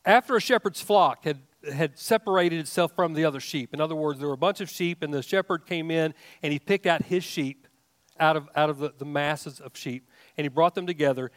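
A man's voice: on the high side, brisk, dry recording. A man preaching a sermon, emphatic, with rising questions and frequent restarts. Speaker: pastor.

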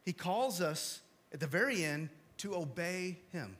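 A pastor preaches in a high, bright voice to a church congregation. He talks casually and drops in jokes, then sinks to hushed, low lines for emphasis. His delivery shifts between loud urgency and quiet gravity. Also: expressive, a little slow. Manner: conversational, with asides and small jokes. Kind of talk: sermon.

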